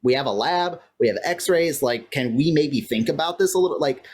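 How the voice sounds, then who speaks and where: The co-host, from California, rambles casually through a TV episode recap on a podcast, full of filler words. Their medium-pitched voice is slightly rough and moderately paced. A faint fan or air-conditioner hum runs underneath.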